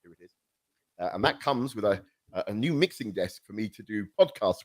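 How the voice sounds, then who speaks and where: A man's voice: fairly low pitch, animated, moderate pace, long pauses. A man co-hosting a casual podcast chat, rambling and self-mocking with frequent restarts, on a podcast microphone. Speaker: podcast co-host. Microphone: new podcast microphone.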